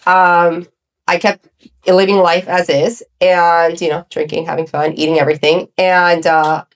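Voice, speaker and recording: A woman around forty, a podcast guest telling her own story in casual chat, animated and acting out what others said. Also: fairly low pitch, a little slow. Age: 30s. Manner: animated storytelling with quoted voices.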